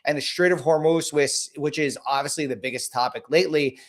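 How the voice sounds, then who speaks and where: A man hosting a casual market livestream, hoarse from a cold, blunt and rambling with many restarts. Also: a little high, brisk. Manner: rambling, repeats himself, frequent restarts; blunt and casual, greets viewers by name.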